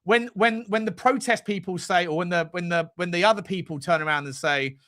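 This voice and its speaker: A man hosts a fan live stream, reading out super chats. His voice sits a touch high and sounds bright and sharp. He rambles and swears, drifting off on tangents. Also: brisk. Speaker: fan channel host.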